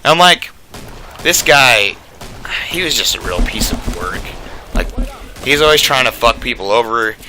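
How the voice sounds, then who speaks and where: A man's voice: medium pitch, animated, measured pace, long pauses, bright, forceful tone, slight background noise. A young man telling a casual storytime rant, rambling and profane, packed with "like" fillers.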